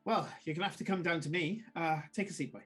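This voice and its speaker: A man puts on a gruff old female dwarf blacksmith in a tabletop game. She is brusque and businesslike, and her voice sits slightly high. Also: fast, fairly bright tone, faint music behind. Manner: brusque, businesslike, calls others lad.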